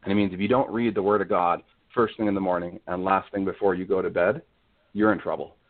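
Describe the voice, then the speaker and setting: A man's voice: deep voice, steady tone, fast talker. A man as an interview guest, talking about faith in an earnest, reflective way. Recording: tinny phone-like line.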